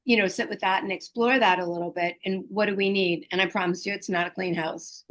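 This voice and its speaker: A middle-aged woman, a hospice liaison and educator, speaking gently and earnestly about caregiving, with pauses and fillers. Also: mid-range voice, fairly even intonation. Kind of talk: reflective talk on caregiving.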